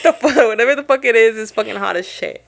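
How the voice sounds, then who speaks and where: A woman's voice: a little high, fast, vocal fry. A tired young woman co-hosting a podcast in casual chat, swearing casually and mixing Spanish into her English. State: tired, low energy. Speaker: podcast co-host.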